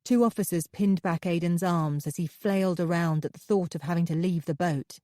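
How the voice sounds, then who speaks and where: A woman narrating a thriller audiobook in the first person, with steady, measured storytelling. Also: fairly low pitch, dry recording, studio quality.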